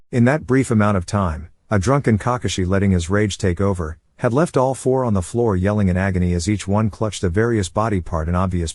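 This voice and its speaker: A man narrating a fan fiction story with steady storytelling delivery. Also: fairly low pitch, no echo, studio quality. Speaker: audiobook narrator.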